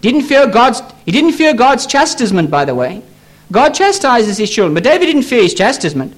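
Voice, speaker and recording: Male pastor, very high pitch and lively intonation; emphatic, repetitive pulpit sermon. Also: fairly quick. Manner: emphatic, repetitive preaching with pleading appeals. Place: church.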